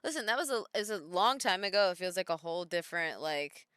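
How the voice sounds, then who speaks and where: A woman's voice: lowish voice, expressive, fast talker, a bit bright, smooth, no echo, clean studio sound. A woman in her thirties, a wrestler chatting casually on a live stream, reading viewer comments aloud and answering them at home.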